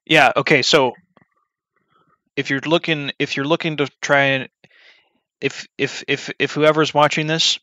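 Young guy, bright kinda sharp voice, rambling gamer commentary, lots of ums, dry close sound. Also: fairly high pitch, little pitch movement, unhurried, pauses often, no echo. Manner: meandering, many fillers and restarts, flares into loud ranting. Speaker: video creator modding a game.

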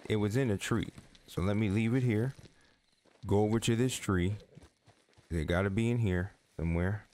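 A man's voice: on the low side, a little mellow. A man giving casual gameplay commentary, playfully coaxing and teasing the characters and his horse. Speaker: let's play host.

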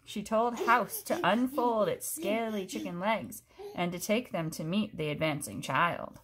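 A woman reading a picture book aloud to a child, expressive, pausing to explain things. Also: medium pitch, crowd noise. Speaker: story reader.

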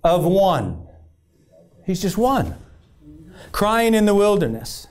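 Very animated yet slow-paced, a male pastor with a high, slightly mellow voice preaches at a church service. He keeps asking "amen?" of the congregation and retells scripture as a story with frequent restarts.

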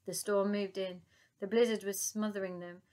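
A woman narrating a children's book aloud in a calm, even storytelling manner. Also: medium pitch, normal speed.

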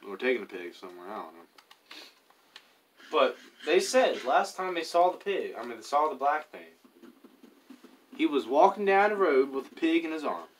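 A man's voice: fairly high pitch, sing-song, normal speed, pauses often, distant mic, slight background noise. A man casually chatting and rambling to himself while playing a survival game, telling offhand stories. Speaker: gaming YouTuber. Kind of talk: casual gameplay commentary.

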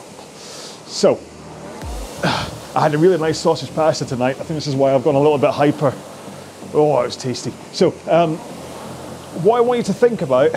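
A man coaching an indoor rowing workout in a chatty, joking way while he rows along on a machine. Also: on the high side. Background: faint music.

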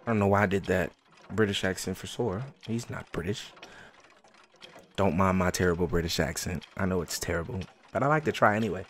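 A man in his late twenties giving casual let's play commentary, excitable and repeating himself while he plays. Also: low voice, fairly quick, slight background noise. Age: 20s. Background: game music.

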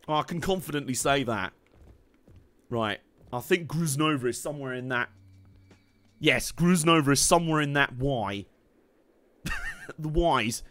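Excitable man playing a game. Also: mid-range voice, measured pace, long pauses, no room sound. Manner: excitable, laughing, swearing, hums tunes while playing. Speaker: game streamer. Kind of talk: casual gameplay commentary.

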